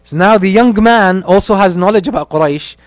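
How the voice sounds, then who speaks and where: Male lecturer, slightly high-pitched, dry close recording; recites and translates, repeats for emphasis. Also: brisk, no room sound. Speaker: religious history teacher. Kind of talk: lecture on early Islamic history.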